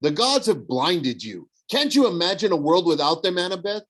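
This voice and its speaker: Brief: man playing a mocking young villain, persuasive, sneering, lifted pitch. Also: big pitch swings, moderate pace, fairly bright tone, full character voice, poor audio.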